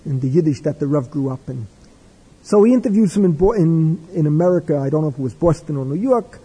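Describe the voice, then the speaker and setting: An older man giving a discursive religious lecture with stories, in a husky voice. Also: high-pitched, warm tone. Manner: discursive, wry, with Hebrew and Yiddish terms. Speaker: religious teacher. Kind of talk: lecture with storytelling. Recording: echoey hall with long reverb.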